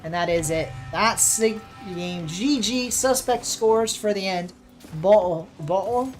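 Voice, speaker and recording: Over soft background music, a streamer and caster from the United States talks casually with her viewers as she plays. She reacts chattily to the gameplay and chat, at a medium pitch and a measured pace.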